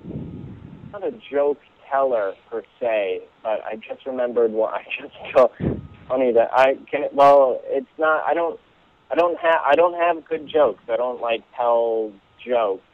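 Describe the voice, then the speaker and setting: A man being interviewed as an actor, talking casually and haltingly with many fillers and restarts. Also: medium pitch. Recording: tinny phone line, dry.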